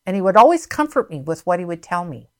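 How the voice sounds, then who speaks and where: A woman's voice: lowish voice, very animated, fast talker. Earnest woman preaching her testimony. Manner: earnest, heartfelt, emphatic. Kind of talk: sermon with personal testimony.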